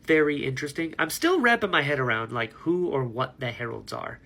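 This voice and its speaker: A man's voice: medium pitch, big pitch swings, brisk, gravelly, sharp tone. A man talking casually to camera about a book he is reading, rambling and enthusiastic, laughing at himself. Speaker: book vlogger. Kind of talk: casual book reaction vlog.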